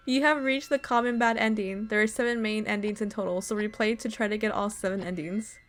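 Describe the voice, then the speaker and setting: A woman streamer reads a visual novel's story text aloud in a slow, dramatic voice at an ordinary middle pitch. She stops now and then to swear and react to the story. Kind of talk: reading game text aloud with live reactions.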